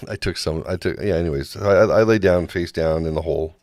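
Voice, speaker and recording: A man with a very low voice tells a comic story in a loose, chatty way, slipping into crude jokes. The recording is close and dry, with no room sound around him. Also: fast talker, a little mellow, dry recording. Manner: crude jokes, acts out others' lines. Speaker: podcast co-host. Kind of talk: casual comedic storytelling.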